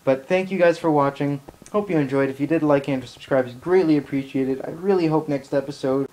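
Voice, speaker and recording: A man's voice: fairly high pitch, brisk, warm tone, rough recording. A man giving live gameplay commentary as a channel host, ranting in exasperated outbursts while annoyed.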